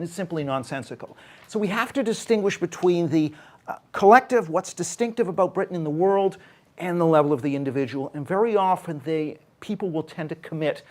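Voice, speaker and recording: A man giving a public talk as a panel speaker, explaining earnestly and often correcting himself mid-sentence. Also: on the high side. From Canada. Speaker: panel speaker, social scientist. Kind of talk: public talk at a debate event.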